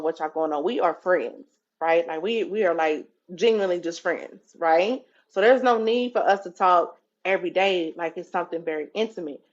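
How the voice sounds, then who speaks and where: A woman's voice: on the low side, dull audio. A woman hosting a live stream, talking casually and profanely to her viewers and calling them y'all. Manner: animated, profane, talks straight to viewers with "y'all". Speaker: TikTok live host.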